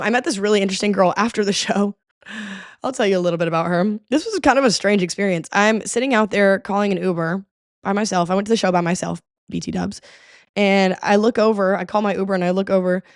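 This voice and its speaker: A woman hosting a podcast in casual chat, telling stories in an animated way. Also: medium pitch, fast, no room sound, studio quality. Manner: animated storytelling with quoted voices. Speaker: podcast host.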